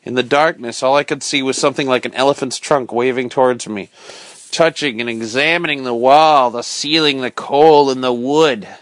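A man reading a bedtime story aloud with dramatic, expressive storytelling. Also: mid-range voice, normal speed, no echo.

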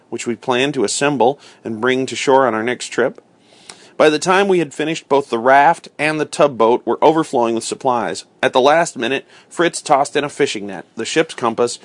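A man reading a storybook aloud in a steady, expressive storytelling manner. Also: mid-range voice, dry recording. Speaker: reader.

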